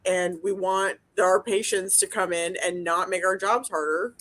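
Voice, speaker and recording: A woman's voice: fairly low pitch, steady tone, a little slow, a bit bright. Sweary woman rambling on a podcast, blunt, keeps restarting her sentences. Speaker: podcast co-host, dental hygienist. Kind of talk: casual chat.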